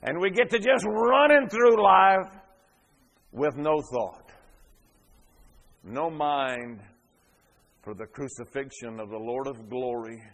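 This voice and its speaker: A man pastor preaching a sermon, swelling to loud fervent peaks and dropping back quiet. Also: on the high side, animated, slow, pauses often.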